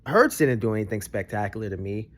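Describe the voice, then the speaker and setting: A young adult man, giving casual reaction commentary that swings from low grumbles to excited bursts. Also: fast. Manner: animated, jumps between low grumbles and high excited bursts. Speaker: vlogger reacting to a broadcast.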